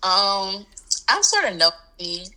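A woman's voice: medium pitch, big pitch swings, slow pace, pushed and bright, clean tone, low-quality recording. A young woman in her twenties, a student athlete, talking candidly as an interview guest with frequent fillers and laughs. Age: 20s. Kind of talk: casual interview chat.

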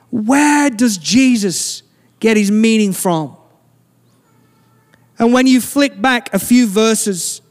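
A man preaching a sermon as pastor, earnest and slowing down to stress key lines. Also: very high-pitched. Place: church sanctuary. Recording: long church hall reverb.

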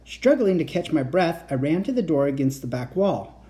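A man's voice: a little high, big pitch swings, normal speed, warm tone. A man reading a children's book aloud, narrating the story expressively and acting out the dialogue. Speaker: reader of children's books.

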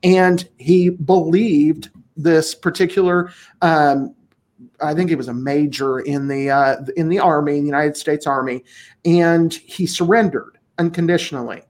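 A man's voice: a little high, fairly even intonation, a little slow, a little mellow. A man co-hosting a casual political podcast, talking bluntly and emphatically with frequent swearing. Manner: blunt, profane, emphatic, laughs often. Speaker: podcast co-host.

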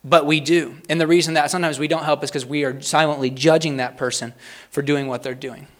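A man's voice: a little high, steady tone, brisk. Impassioned preacher man, rising on quotes. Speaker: pastor. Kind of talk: sermon.

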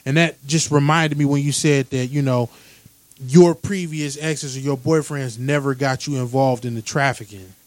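A man in casual chat, recounting a news story in a measured way with street slang. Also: medium pitch, fairly even intonation, no echo.

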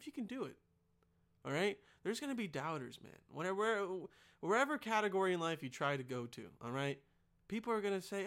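A man hosting a podcast, doing a rowdy, profane comedic ad read with sudden loud outbursts. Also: sits high, big pitch swings, a little fast. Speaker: podcast host.

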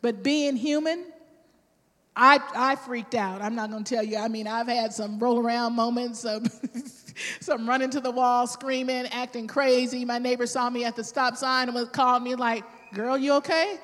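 A woman with a fairly high voice preaches a sermon, telling her own story in a lively, personal way and voicing the people she quotes. Her words ring out with a long reverb through a large hall. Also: normal speed.

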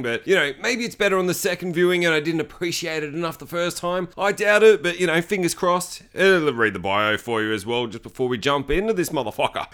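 A man's voice: fairly high pitch, a bit bright. A man hosting a podcast, casually recapping a bad movie with lots of swearing and jokey asides. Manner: sweary, jokey, acts out characters in goofy voices. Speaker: podcast host. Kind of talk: casual movie-review monologue.

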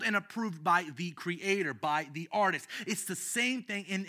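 A man preaching a sermon and telling personal stories. He speaks with passion, swinging from shouts to hushed tones, with many restarts. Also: high voice. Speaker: pastor.

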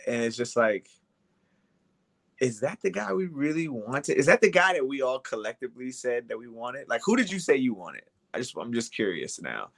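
A man co-hosting a casual sports chat, speaking in a dry, sarcastic, deliberate way. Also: mid-range voice, very animated, gravelly, fairly bright tone, no room sound. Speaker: podcast co-host.

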